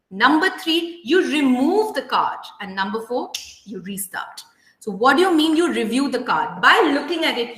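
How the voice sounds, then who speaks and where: A woman with an Indian English accent giving an earnest, emphatic workshop talk on parenting to parents and teachers, slowing down to stress key points. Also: fairly high pitch, a bit bright. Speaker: parenting educator. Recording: roomy echo.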